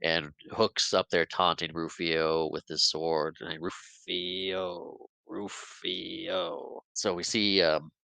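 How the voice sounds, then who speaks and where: A man's voice: rumbling low, steady tone, a little slow, few pauses, bright, forceful tone, clean tone, no echo, poor audio. A man casually recapping a film scene by scene on a podcast, rambling a bit and laughing often. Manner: rambling play-by-play retelling, acts out quotes, laughs often. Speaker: podcast host.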